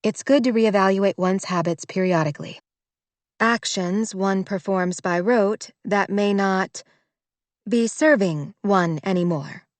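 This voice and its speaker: A woman's voice: medium pitch, measured pace, no room sound, natural voice. A woman voicing a composed young princess who speaks in a formal, decisive way. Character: poised, proper young princess, gently decisive. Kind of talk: audiobook character voice.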